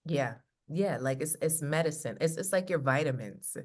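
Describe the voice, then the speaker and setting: With a voice that sits low and moves at normal speed, a female love coach talks casually over video, animatedly performing the quotes in her stories.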